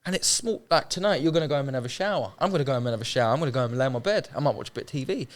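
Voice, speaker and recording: Racing along in an animated, mid-range voice, a young man recounts his life in a podcast interview full of emotion. As the founder of a homeless charity, he sounds earnest and heartfelt, talks colloquially, and keeps circling back to the same phrases to stress them.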